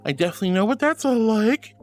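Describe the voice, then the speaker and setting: A man with a high voice hosts a casual livestream and reads out viewer messages. He gushes and teases, and he calls everyone sweetheart, honey or darling. Soft music plays faintly behind him. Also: very animated, fast talker. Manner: gushing and playful. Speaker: streamer.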